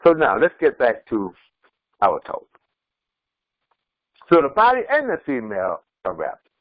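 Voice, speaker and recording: A man's voice: medium pitch, huge pitch swings, a little slow, no room sound, dull audio. A man preaching as an imam, emphatic and repetitive, often restarting his words mid-sentence. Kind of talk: sermon.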